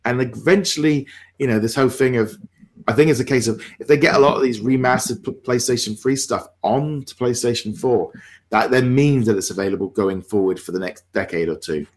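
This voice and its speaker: A man's voice: medium pitch, fairly quick. Chatty man hosting a gaming podcast. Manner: chatty, rambling with fillers. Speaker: podcast host. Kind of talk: casual gaming chat.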